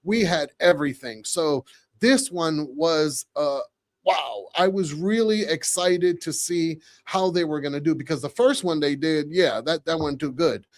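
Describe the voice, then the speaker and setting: A man in his forties hosting a podcast live, chatting casually with viewers, reading comments and repeating phrases excitedly. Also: a little high, a little slow, dry recording. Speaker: podcast host.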